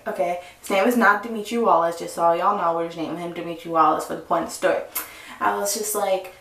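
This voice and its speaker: A young woman vlogger telling a story in a casual, animated and profane way. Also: fairly low pitch, quick pace, recorded from a distance. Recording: echoey room, voice off-mic.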